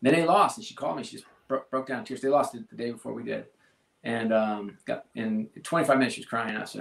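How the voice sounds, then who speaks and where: A man being interviewed as a sports executive, speaking earnestly and haltingly with many restarts. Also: medium pitch, vocal fry. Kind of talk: casual interview talk. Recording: roomy echo.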